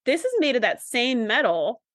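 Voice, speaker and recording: A woman's voice: on the high side, big pitch swings, moderate pace, a bit bright, no echo. Woman podcaster retelling scenes, dry sound. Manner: retells scenes, quoting characters. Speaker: podcast co-host. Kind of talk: casual recap chat.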